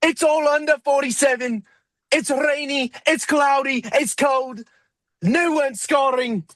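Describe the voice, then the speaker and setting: Man as brash Irish pub guy, high, shouty, dry podcast mic. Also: a little slow, no echo. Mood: rowdy. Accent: put-on Irish. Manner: shouting, swearing, emphatic. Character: rowdy foul-mouthed Irish man, adult.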